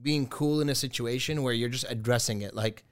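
A man co-hosting a podcast in a relaxed, rambling chat full of fillers. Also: medium pitch, a little fast, clear, resonant tone, no echo, clean studio sound. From Arab heritage. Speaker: podcast co-host. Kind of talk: casual chat.

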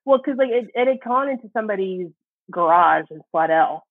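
A young woman with a Southern American drawl tells a story in a lively, sing-song voice that leaps up and down. Her tone is a bit husky, and the dry, close recording keeps every giggle right up front. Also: medium pitch, fairly quick, dry recording, phone-quality sound. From Southern United States. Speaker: podcast co-host. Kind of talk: casual chat.

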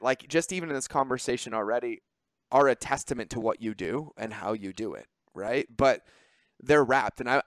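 A man hosting a podcast, talking in a lively, informal way and swearing freely. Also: medium pitch, no room sound. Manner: animated, swearing, quick asides. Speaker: podcast host. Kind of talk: casual podcast conversation.

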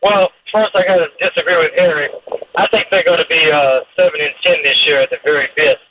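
A man's voice: fairly high pitch, fairly even intonation, quick pace, pushed and bright, no room sound, low-quality recording. A man calling in to a sports radio show, giving rambling, opinionated takes on the team. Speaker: caller. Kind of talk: call-in radio.

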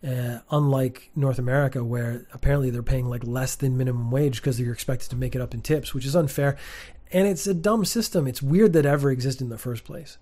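A man speaks in a relaxed, mid-pitched voice. He talks straight to camera in a plain, sparse room, blunt and opinionated, and fills his sentences with "like" and "uh". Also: brisk. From Canada. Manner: opinionated, candid, with frequent "like" and "uh" fillers. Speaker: teacher and vlogger. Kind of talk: casual monologue to camera.

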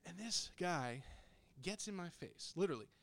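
A young man tells a wild story in casual podcast chat, blunt and full of swearing. His voice sits a bit high for a man. He is close on the microphone, and the sound is dry with no room echo. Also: moderate pace. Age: young adult. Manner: profane, animated, blunt. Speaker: podcast co-host telling a story. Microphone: close studio microphone.

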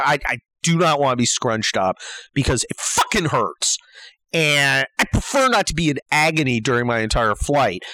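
An older man rants through a comic story with swearing and exasperation, his pitch leaping wildly between gravelly mutters and high outbursts. His voice is bright and edgy. The sound is close and dry, with no room around it. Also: dry recording, rough recording. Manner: profane, exasperated, swinging from low mutters to yelled outbursts. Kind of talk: comedic storytelling rant.

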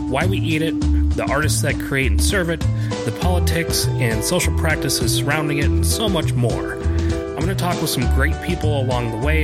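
A man giving an upbeat scripted intro to his food podcast. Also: a little high. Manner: upbeat promotional delivery. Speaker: podcast host. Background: loud music.

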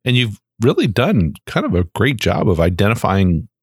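A man's voice: fairly low pitch, huge pitch swings, normal speed, slightly rough, dry recording, studio quality. A man hosting a podcast interview who asks questions and lays out steps plainly. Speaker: podcast host.

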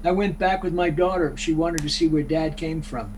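An older man from Brooklyn, chatting casually and telling lively stories. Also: a little high, moderate pace, slight background noise, low-quality recording. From Brooklyn, New York. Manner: animated storyteller, acting out voices. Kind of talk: casual chat.

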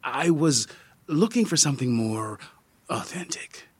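A man reading the lines of a quiet, disappointed young man in his late twenties, speaking softly and half-whispered. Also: on the high side, very animated, takes it slowly, no echo, heavily acted. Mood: let down.

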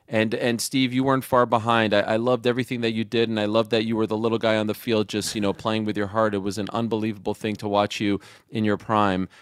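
A man's voice: fairly low pitch, clear, resonant tone, dry recording, clean studio sound. A man in his forties from Canada, a guest on a talk show, speaking with emotional, gushing energy and tumbling restarts. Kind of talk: excited phone-in chat.

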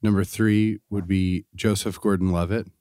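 Low-voiced man in crude, joking banter. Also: fairly even intonation, normal speed, mellow, smooth, no echo, clean studio sound. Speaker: podcast co-host. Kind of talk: casual chat.

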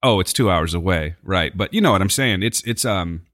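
A man's voice: low-pitched, lively intonation, fairly quick, fairly bright tone, no room sound, clean studio sound. A man co-hosting a podcast in casual chat, easygoing and joking with frequent laughs. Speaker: podcast co-host.

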